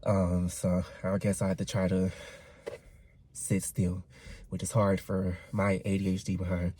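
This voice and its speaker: A man's voice: deep voice, completely flat delivery, unhurried, dark tone, slight background noise. A man in his twenties, getting over a cold, ranting candidly to camera in a casual vlog and swearing freely. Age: 20s. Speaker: vlogger.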